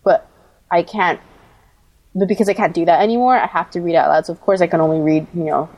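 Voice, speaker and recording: A woman in casual conversation, talking in a loose, chatty way full of fillers and quick laughs. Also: fairly low pitch, fairly even intonation, darkish tone, muffled recording. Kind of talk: casual chat.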